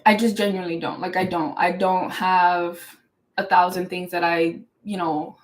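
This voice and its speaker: Hosting her own show, a young woman with a lowish voice tells a personal story in a loose, rambling monologue. She speaks fast, emphatic and animated, with plenty of "like" and frequent restarts. The recording is rough.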